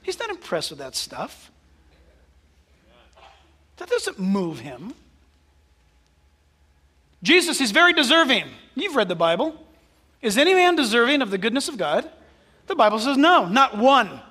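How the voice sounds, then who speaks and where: A man preaching a sermon as a pastor, telling stories with animated delivery and dropping into soft asides. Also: very high voice, unhurried, pauses often, in a large hall.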